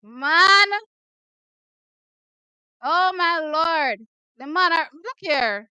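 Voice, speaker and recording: A Jamaican woman hosting a watch party, reacting excitedly to races with exclamations and repeated shouts. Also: very high voice, extremely slow, no echo, muffled recording. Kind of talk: excited live race reaction.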